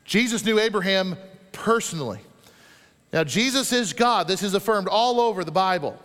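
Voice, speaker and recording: A man gives a sermon from the pulpit, his voice pitched high for a man. He preaches with animated rises and sudden soft drops, slowing right down for scripture. The sound carries the long reverb of a large sanctuary. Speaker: pastor.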